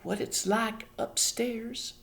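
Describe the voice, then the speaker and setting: A woman voicing a fretful, tearful little borrower mother in a storybook reading, with a high, quavering, dramatic voice. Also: huge pitch swings, measured pace, fairly bright tone. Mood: fearful.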